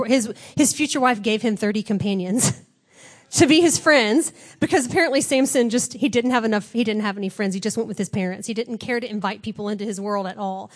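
A woman preacher giving a chatty, conversational sermon, retelling a story with lively acted-out quotes. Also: a little high.

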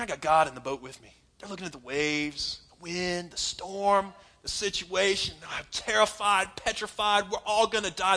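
A man's voice: fairly high pitch, bright, forceful tone. A man preaching a sermon in an emphatic, conversational way, laughing now and then as he talks to his congregation. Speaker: pastor.

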